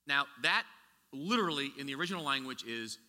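A man's voice: mid-range voice, expressive, fairly quick, bright, forceful tone, in a large hall. A man preaching a sermon as a pastor, talking conversationally with rhetorical questions and frequent restarts.

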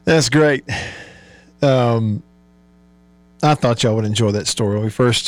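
Man, radio host, relaxed wrap-up, mains hum. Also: lowish voice, moderate pace. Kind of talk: casual radio talk.

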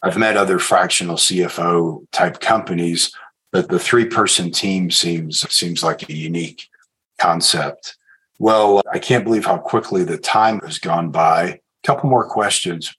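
A man hosting a podcast interview, asking questions in a measured, affirming way. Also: low-pitched, a bit bright, husky, poor audio. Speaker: podcast host.

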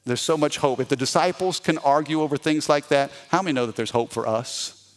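A man preaching a sermon as pastor, talking in an animated, conversational way and often repeating his words. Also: fairly high pitch, a little fast.

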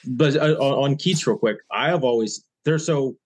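A man's voice: medium pitch, normal speed, slightly rough. A man co-hosting a podcast, asking curious questions in casual chat.

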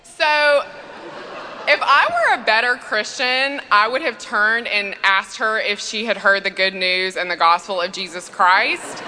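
Bright-voiced woman telling comic stories. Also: medium pitch. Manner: chatty comic storytelling, frequent fillers. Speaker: priest and speaker. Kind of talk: humorous conference talk. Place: church. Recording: long reverb in a church.

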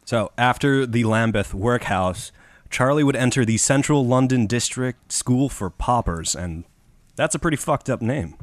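A man's voice: medium pitch, animated, unhurried, no room sound. A man with a Chicago accent hosting a podcast, telling a history story from notes in a crude, irreverent, laughing way. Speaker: podcast host. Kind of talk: casual chat reading from notes.

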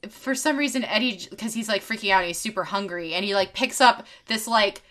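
A woman co-hosting a podcast, telling stories in an animated, sweary way with lots of fillers. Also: mid-range voice, brisk. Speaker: podcast co-host. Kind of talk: casual chat.

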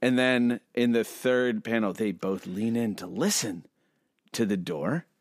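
A man's voice: on the low side, unhurried, dry recording, studio quality. A man casually chatting on a podcast, describing comic strip panels and laughing often. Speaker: podcast co-host. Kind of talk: casual chat reading a comic strip aloud.

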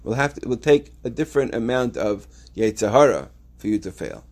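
A man's voice: mid-range voice, sing-song, a little fast, darkish tone. A man teaching a yeshiva Torah class, explaining step by step with many restarts and reading Hebrew texts aloud.

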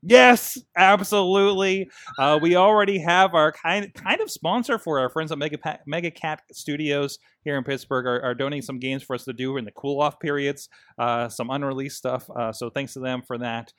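A man's voice: on the high side, normal speed, hardly any pauses, fairly bright tone, dry recording, studio quality. A man co-hosting a casual wrestling podcast, rambling with lots of fillers and restarts. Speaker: podcast co-host.

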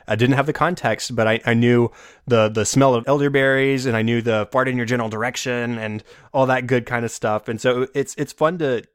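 Smooth-voiced man hosting a film podcast. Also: medium pitch, fairly even intonation, moderate pace, no room sound, studio quality. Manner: easygoing, chuckles while recalling lines. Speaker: podcast co-host. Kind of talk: casual film discussion.

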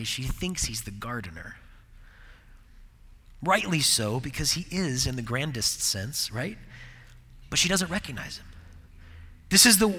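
A man with a fairly high, bright and forceful voice delivers a reflective devotional sermon. He often drops into hushed, near-whispered tones for emphasis, and a long reverb trails behind every phrase. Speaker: preacher.

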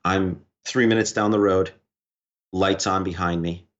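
Low-voiced man telling a story, lo-fi. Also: steady tone. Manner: recounts events in quick short bursts, quoting dialogue. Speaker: podcast guest. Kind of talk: conversational storytelling. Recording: dull lo-fi recording.

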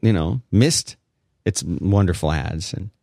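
A man with a somewhat low voice joins a casual tech podcast, talking in an easy conversational way. The recording is dry and close. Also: lively intonation, a little slow, vocal fry, dark tone, dry recording.

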